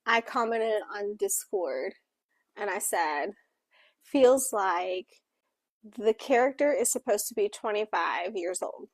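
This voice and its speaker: Slow-talking woman retelling a plot. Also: medium pitch, dry recording. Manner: animated retelling with acted-out quotes, frequent fillers. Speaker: book club co-host voicing for a Deaf co-host. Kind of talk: casual book club plot summary.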